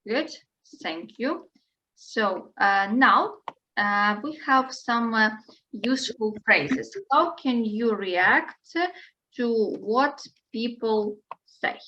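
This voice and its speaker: A woman teaches an English lesson at a slow, patient pace, stopping to translate phrases. Her voice sits a little high. The sound is dull and lo-fi, like an online call. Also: fairly bright tone.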